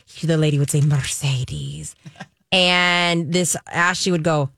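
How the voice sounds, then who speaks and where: A woman's voice: on the low side, steady tone, a little slow, a bit bright, clear, resonant tone, dry recording. A woman, co-hosting a radio talk show and telling chatty stories. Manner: chatty, tells stories with quoted voices. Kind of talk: casual chat.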